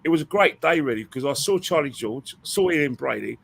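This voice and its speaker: Bloke, fan panel regular, slightly high voice, restless retelling. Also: male voice, brisk, vocal fry. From England. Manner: animated storyteller, stumbles and repeats words. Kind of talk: casual chat.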